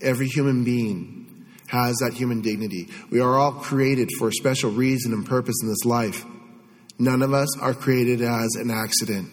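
A man's voice: medium pitch, fairly even intonation, normal speed. A man preaches a homily to his congregation, speaking in a conversational, earnest manner and circling back to repeat phrases as he goes. His voice sits in a middle register for a man. The church around him adds a long, lingering reverb. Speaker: Catholic priest. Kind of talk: sermon.

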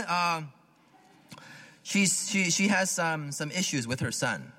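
A man's voice: fairly high pitch, expressive, slow, bright, forceful tone. A man preaching a sermon in a casual, conversational way, often repeating words and asking "right?". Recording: long hall reverb.

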